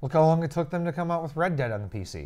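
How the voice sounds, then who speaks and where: A man's voice: a little high, lively intonation, rapid-fire, warm tone. A young man co-hosting a casual gaming and tech live stream, joking and rambling. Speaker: stream co-host.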